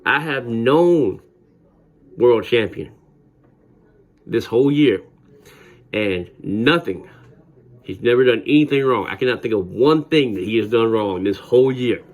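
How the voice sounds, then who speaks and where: A man's voice: medium pitch, lively intonation, measured pace, long pauses, darkish tone, highs cut off, natural voice. A man voicing a stern grade-school teacher who brushes off a boy's complaint. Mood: dismissive.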